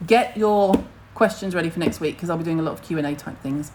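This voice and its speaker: A woman's voice: lowish voice, fast, noisy background. A middle-aged woman, hosting a casual skincare livestream and chatting to viewers in a blunt, rambling way, with the odd casual swear.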